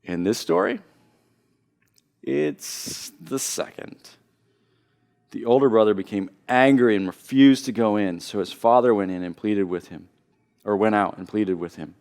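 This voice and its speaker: A man preaching a sermon as pastor, earnest, often repeating and restarting phrases as he builds to loud emphasis. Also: lowish voice, measured pace.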